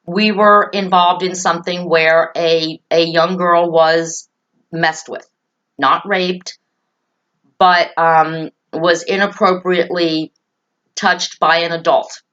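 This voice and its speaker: A woman host talks earnestly to parents and children, leaning on key phrases and repeating them for reassurance. Her voice sits on the low side. The recording is muffled and lo-fi. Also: little pitch movement, slow, fairly bright tone.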